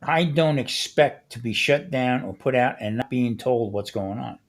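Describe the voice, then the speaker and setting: A man talking on a relaxed podcast, with a voice in the middle range for a man. He tells stories with animation and slips into the voices of people he quotes. He speaks loosely and conversationally, in an easygoing back-and-forth with the others. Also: medium pitch, moderate pace. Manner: animated storyteller who acts out the people he quotes. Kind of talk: casual podcast chat.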